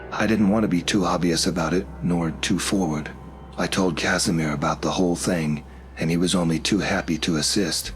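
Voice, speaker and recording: A man narrating a first-person horror story in a steady, measured way. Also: deep voice, a little hiss or hum. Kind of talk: scripted narration.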